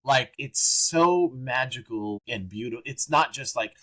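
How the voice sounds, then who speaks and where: A man guesting on an interview podcast, telling lively anecdotes in a casual, excitable way. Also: medium pitch, measured pace. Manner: animated, excitable anecdotes with bursts of energy. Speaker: guest trumpeter. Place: works around Orange County, California.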